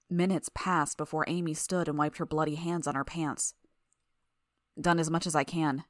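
A woman narrating a first-person fiction audiobook in a steady, even way. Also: low-pitched, no room sound, clean studio sound.

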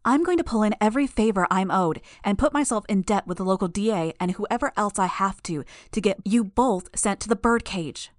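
A woman's voice: medium pitch, brisk, hardly any pauses, dry recording, studio quality, close to an everyday voice. A woman voicing a furious, proud young superheroine who threatens her enemies, in an audiobook. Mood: menacing. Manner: shouting, menacing. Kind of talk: audiobook character voice.

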